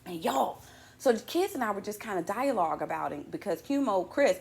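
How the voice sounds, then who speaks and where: A woman hosting a morning show in a casual monologue, animated and slangy, full of playful asides to her viewers. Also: medium pitch, brisk, gravelly.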